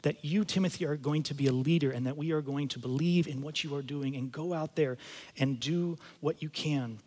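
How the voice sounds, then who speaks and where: A male pastor delivers a sermon in a fairly high voice, moving between scripture reading and casual, emphatic storytelling. His voice carries a long reverb from a church auditorium. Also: fairly quick, darkish tone. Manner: conversational storytelling, emphatic asides. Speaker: campus pastor.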